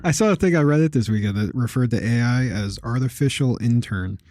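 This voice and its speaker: Man, podcast co-host, mid pitch, dry close sound, joking asides. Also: a little fast, mellow, dry recording. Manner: wry, joking. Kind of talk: casual chat.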